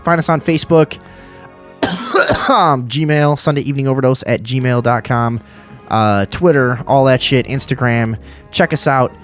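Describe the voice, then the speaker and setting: A man's voice: medium pitch, unhurried. Man, talk show host, casual, profane, ranting, faint music behind. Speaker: podcast host.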